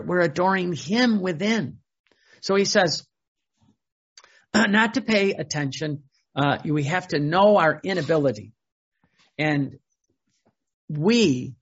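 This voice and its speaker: A man's voice: a little high, gravelly, a bit bright, husky, lo-fi sound. A man who is a Catholic priest, preaching a sermon in a conversational way, often repeating words and acting out quotes.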